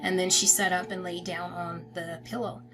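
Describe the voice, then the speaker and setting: A woman giving a somber, measured, plain-spoken personal account to her followers. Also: on the low side, little pitch movement, over music, low-quality recording. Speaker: family member making an announcement.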